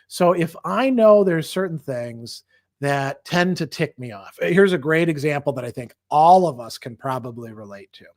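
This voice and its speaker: Middle-aged male professor, casual lecturer, slightly high voice, dry close-mic read. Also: dry recording. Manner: conversational, acts out angry quotes in character. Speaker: philosophy professor teaching an online class. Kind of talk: casual lecture answering class questions.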